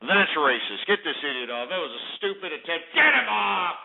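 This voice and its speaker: A man's voice: fairly high pitch, big pitch swings, moderate pace, creaky. A man hosting a call-in radio show, ranting in a profane, mocking, bombastic way. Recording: tinny phone-line radio sound.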